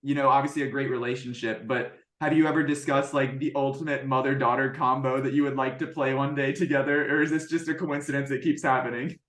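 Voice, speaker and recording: A man's voice: mid-range voice, steady tone, fast, few pauses, fairly bright tone. A man interviewing an actress, asking long enthusiastic questions. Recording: roomy echo.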